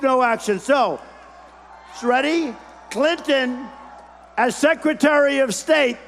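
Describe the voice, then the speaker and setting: An older man delivers a campaign speech at a podium microphone, with a strikingly high-pitched voice. He talks in short, repetitive, boastful bursts and often shouts. The sound carries the long reverb of a large arena. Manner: repetitive, punchy, boastful, shouting over a crowd. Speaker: political candidate at a rally. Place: large rally hall.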